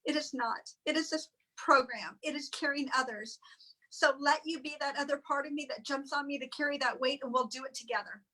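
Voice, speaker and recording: A woman sharing an emotional personal testimonial in halting, tearful speech with many restarts. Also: high-pitched, bright, forceful tone, poor audio. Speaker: guest sharing weight-loss story.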